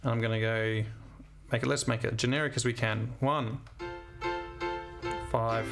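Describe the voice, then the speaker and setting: A music teacher talks his way through a composition demo recorded from his screen, thinking aloud and scatting tunes. He speaks in a medium-pitched, gravelly voice with a steady tone and measured pace.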